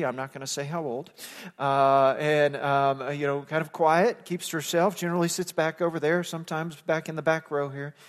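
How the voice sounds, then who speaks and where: A man preaching a sermon as pastor, telling a story in a conversational way that builds to impassioned emphasis. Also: a little high. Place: church sanctuary. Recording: long reverb of a church sanctuary.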